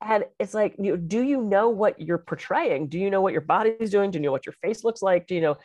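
A middle-aged woman co-hosting a podcast, chatting casually as an animated, expressive storyteller. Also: mid-range voice, a little fast, no echo. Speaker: podcast co-host and public speaker. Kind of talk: casual conversational chat.

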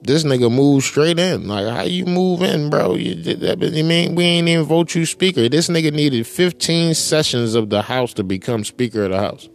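A man's voice: a little high, moderate pace, gravelly, few pauses, faint music behind. A man hosting a podcast in a casual political rant, profane, emphatic and rambling. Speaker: podcast host.

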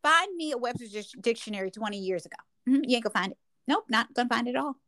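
A woman's voice: fast, no echo. An older woman co-hosting a casual chat, telling stories animatedly and acting out her own reactions. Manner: animated storyteller, acts out her own reactions with big pitch jumps. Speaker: podcast co-host.

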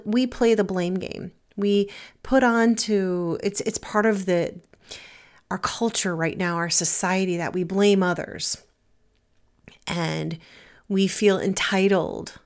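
A woman hosting a self-help podcast, talking in an earnest, gentle way and easing into slow, soothing guidance for a relaxation exercise. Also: mid-range voice. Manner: earnest, gentle, slows to a soft soothing pace when guiding. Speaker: podcast host and wellness teacher. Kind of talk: reflective self-help talk and guided relaxation.

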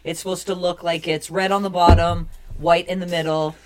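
A woman from Canada guests on a casual podcast, laughing often and filling her stories with ums and uhs. Her voice sits low for a woman. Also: level tone, normal speed, noisy background. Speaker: guest co-host. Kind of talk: casual chat.

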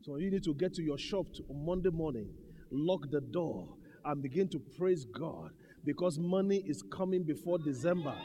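Fiery male pastor, higher-pitched voice, preaching with shouts, long hall reverb. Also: animated, moderate pace. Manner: preaching with shouts and bursts of laughter. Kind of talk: sermon.

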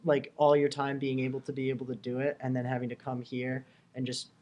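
A man's voice: medium pitch, monotone, fairly quick, darkish tone, dull audio. A man in his early twenties co-hosting a casual chat, asking questions and chuckling along. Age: 20s.

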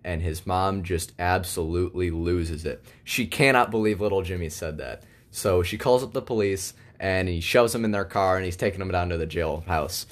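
A young man telling jokes and a long rambling shaggy-dog story in a deadpan way. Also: low-pitched, moderate pace, hardly any pauses. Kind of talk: casual joke telling.

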